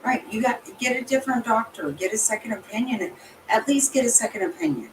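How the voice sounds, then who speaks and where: A woman's voice: on the high side, animated, brisk, slight background noise, rough recording. A woman reacting in casual chat, blunt and outraged, swearing freely. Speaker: channel host reacting to a livestream guest.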